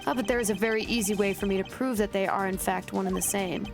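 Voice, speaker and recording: Woman reading a cool-headed prosecutor guy, formal, measured, game music behind. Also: mid-range voice, fairly even intonation, vocal fry, natural voice. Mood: confident. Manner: measured, formal courtroom delivery. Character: composed confident male prosecutor.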